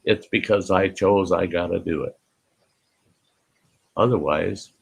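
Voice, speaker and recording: A man's voice: deep voice, gravelly, husky. An older man hosting a casual live stream, folksy, greeting chat viewers by name and often laughing, with an Upper Midwest American accent.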